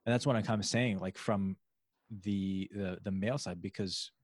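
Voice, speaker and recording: Low-voiced man talking in a rambling way. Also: fairly even intonation, moderate pace, no echo. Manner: rambling, with many restarts and fillers; acts out other people's inner voices in a raised pitch. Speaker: podcast host. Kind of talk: casual conversation.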